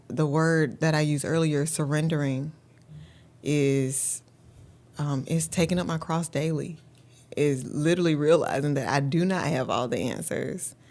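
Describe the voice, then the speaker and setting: A woman's voice: sits low, fairly even intonation, unhurried, darkish tone. A woman, a parent coach and educator, speaking as a guest and telling personal stories in an earnest way. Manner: earnest, often says "literally". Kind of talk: personal storytelling in an interview.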